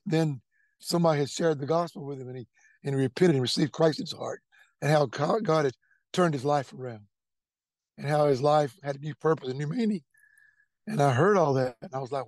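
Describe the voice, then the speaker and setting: Guy telling his testimony, earnest, bit high voice, dry close sound. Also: darkish tone, no room sound. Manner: earnest, repeats words when emotional. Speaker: testimony speaker. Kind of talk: personal testimony storytelling.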